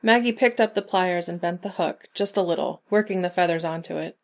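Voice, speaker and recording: Low-voiced woman narrating a story. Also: a little fast. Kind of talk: scripted narration.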